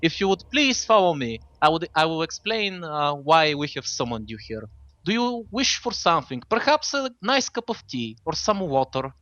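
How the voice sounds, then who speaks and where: A man's voice: on the high side, sing-song, normal speed, pushed and bright, dry recording, highs cut off. A man voicing an overly polite male robot butler in a tabletop game, formal and welcoming. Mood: courteous.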